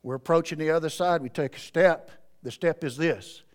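A pastor preaching to his church, his voice smooth and resonant and sitting a little high for a man. He drops to near-hushed lines and then builds to loud, driving appeals. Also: normal speed. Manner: preaching with wide swings between quiet and loud. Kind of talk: sermon.

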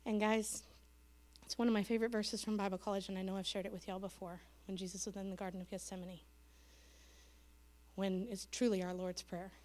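A woman's voice: medium pitch, flat delivery, brisk, long pauses. A woman missionary giving an earnest church testimony, telling a story in a sanctuary. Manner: earnest storytelling, quoting others, dropping to a hush at the end. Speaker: missionary speaker.

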